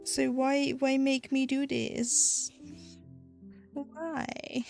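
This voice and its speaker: British woman streamer, casual and rambling, a little gravelly, with faint music behind her. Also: mid-range voice, moderate pace, darkish tone. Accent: British English. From United Kingdom. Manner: chatty, rambling, with frequent "like" and restarts. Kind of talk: casual chat while stitching on a live stream.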